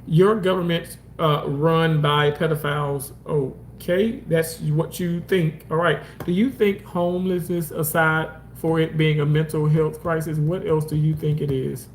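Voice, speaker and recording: High-voiced animated man chatting live. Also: measured pace, hardly any pauses, slight background noise. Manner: animated, swearing, swings into high mock voices. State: homeless, says so. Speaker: livestream host reading comments. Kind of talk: casual livestream chat. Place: outdoors park.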